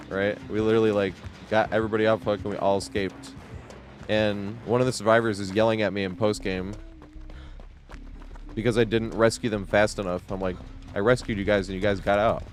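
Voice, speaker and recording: A male game streamer talks loosely over his match, his voice sitting a little low. He laughs a lot, swears freely and tells stories with animated energy. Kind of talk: casual live gameplay commentary.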